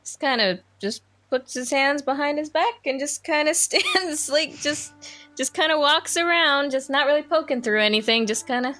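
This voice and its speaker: A woman playing a tabletop game, talking in a giggly, halting way with many fillers. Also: high voice, lively intonation, pushed and bright, faint music behind. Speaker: player. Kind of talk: tabletop role-play chat.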